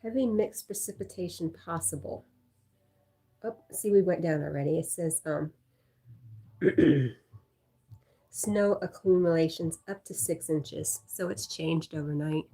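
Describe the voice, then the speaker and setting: A woman with a soft, breathy, slightly low voice chats easily on a livestream. She reads out viewers' comments and answers them in a relaxed, friendly way, close to the mic. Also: measured pace, pauses often. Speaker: livestream host reading chat. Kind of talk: casual chat.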